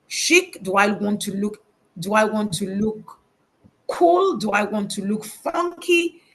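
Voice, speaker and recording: A woman's voice: medium pitch, a bit bright, breathy edge. A woman giving a faith-based motivational talk over a video call, emphatic and preacherly, repeating her key words. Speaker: motivational speaker.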